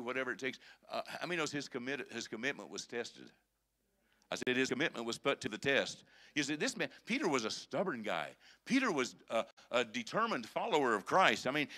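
A male pastor preaching a sermon, emphatic and conversational, with swings between quiet and intense. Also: mid-range voice, big pitch swings, a little fast.

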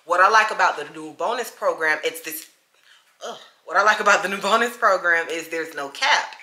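A woman's voice: on the low side, a little fast, sharp tone. A woman vlogging at home in a casual, chatty way, talking straight to her viewers. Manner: chatty and easygoing, calls the viewer "child". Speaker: lifestyle vlogger. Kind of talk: casual chat to camera. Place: home, indoors. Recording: echoey room.

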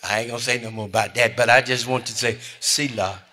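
Bright-voiced preaching man, hushed to loud. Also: mid-range voice, fairly even intonation, fast talker. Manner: call-and-response preaching, swinging from hushed to loud. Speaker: pastor. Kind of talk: sermon.

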